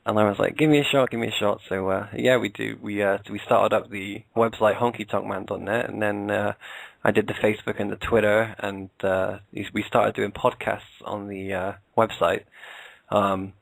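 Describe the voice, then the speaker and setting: A man's voice: on the low side, flat delivery, moderate pace, creaky, dry recording, poor audio. A British man, a podcast co-host, chatting casually as an interview guest, hesitant with many fillers and restarts. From England.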